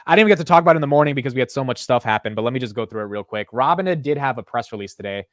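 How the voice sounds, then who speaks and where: A man's voice: medium pitch, animated, very fast, a bit bright, dry recording. Young American male host, loose slangy delivery, dry close-miked voice. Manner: casual, slangy, says dude and bro. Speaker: market show host. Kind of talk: casual livestream market commentary.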